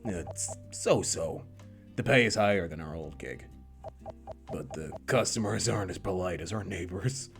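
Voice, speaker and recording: A man voicing a calm, teasing young deliveryman with a dry, deadpan delivery. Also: low-pitched, a little slow, gravelly, music in the background. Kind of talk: visual novel voice reading.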